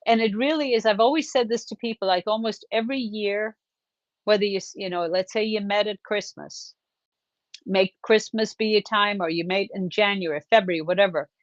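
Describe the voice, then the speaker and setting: A woman's voice: mid-range voice, no echo. A woman talks earnestly and directly about relationships, her voice in a middle register. The audio is dry and a little dull, the way a video call sounds. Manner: chatty, earnest, gives direct advice. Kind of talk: casual advice chat.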